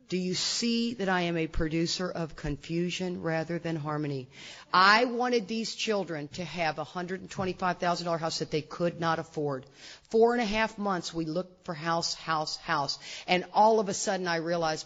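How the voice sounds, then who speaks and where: A middle-aged woman speaking to a recovery meeting as an AA speaker, an animated, self-mocking storyteller full of asides. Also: on the low side, moderate pace. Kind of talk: humorous recovery talk to a meeting. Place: meeting room with audience. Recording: dull lo-fi recording.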